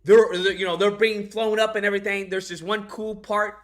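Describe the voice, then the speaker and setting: A man reviewing a film in a casual rant, animated and profane, laughing as he recaps scenes. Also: high-pitched, a little fast, soft background music.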